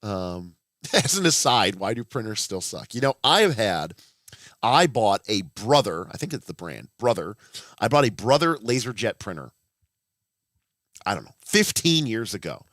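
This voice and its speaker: A man's voice: lowish voice, very animated, a little slow, fairly bright tone, no echo, studio quality. A man in his thirties hosting a casual livestream, rambling with blunt, profane asides and frequent restarts. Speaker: livestream host.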